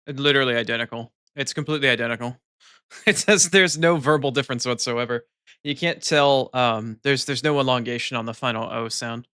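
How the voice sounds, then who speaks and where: Bright-voiced American man chatting on stream. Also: mid-range voice, a little fast, clear, resonant tone, no room sound, studio quality. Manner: chatty, reads chat aloud, laughs often. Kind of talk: casual live-stream chat.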